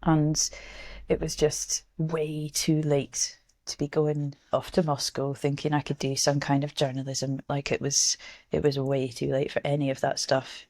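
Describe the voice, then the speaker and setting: This guest, a journalist and author from Scotland in her thirties, has a low voice and talks a little slowly in relaxed interview chat. Blunt and animated, she drops the odd swear word and keeps restarting her sentences, captured close and dry with no room sound.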